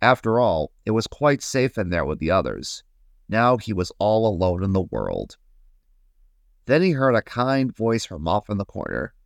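Low, lively male storyteller. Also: creaky, no echo, studio quality. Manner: gentle, slow, guiding listeners. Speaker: host and storyteller. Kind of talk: children's story reading.

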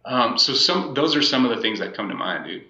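Earnest guy on a podcast, bright forceful voice, kinda roomy muffled sound. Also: mid-range voice, animated, a little fast, creaky. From United States. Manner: earnest, reflective, speaks with emphasis and repeats phrases. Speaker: podcast guest, life coach. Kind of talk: casual podcast conversation.

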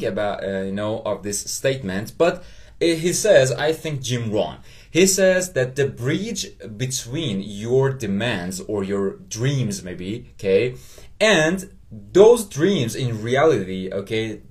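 A man with a Persian accent, a native Persian speaker, hosting a motivational solo podcast in English, earnest and halting, often checking in with "okay?". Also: medium pitch. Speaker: podcast host.

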